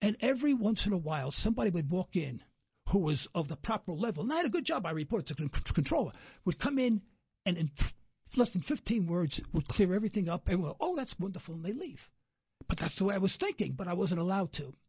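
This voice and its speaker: A man rambles through stories as a radio guest, acting out the people he quotes. His voice is high and swoops widely, with a husky, gravelly texture. The audio is dry and dull, like lo-fi radio. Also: quick pace, no echo. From New York. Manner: animated storyteller, acts out quoted people. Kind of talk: rambling anecdotal radio interview.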